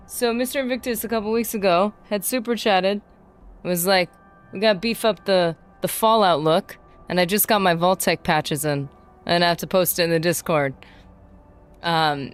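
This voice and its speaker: A woman livestreaming a game, chatting excitedly and casually with her viewers. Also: on the low side, moderate pace, soft background music. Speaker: streamer. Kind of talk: casual livestream gaming chat.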